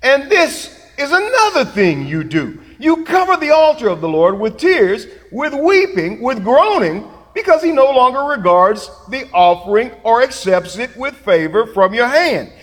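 A man's voice: very high-pitched, big pitch swings, unhurried, hardly any pauses, fairly bright tone, big-room sound. A man preaching a sermon, laughing and making asides to the congregation. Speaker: pastor.

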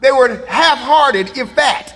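A man's voice: very high voice, animated, takes it slowly, fairly bright tone, long reverb tail. A man preaching a sermon, laughing and making asides to the congregation. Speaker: pastor.

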